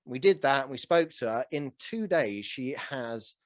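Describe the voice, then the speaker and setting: A man in his early forties hosting a casual interview, telling stories with animated energy and a self-deprecating chuckle. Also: medium pitch, a little slow, no echo, clean studio sound. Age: 40s. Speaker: podcast host.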